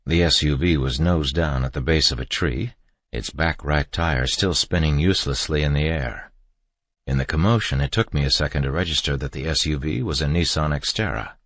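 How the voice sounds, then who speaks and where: Man, extremely deep voice, dry close recording, steady horror audiobook narration. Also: no echo. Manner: steady, measured reading.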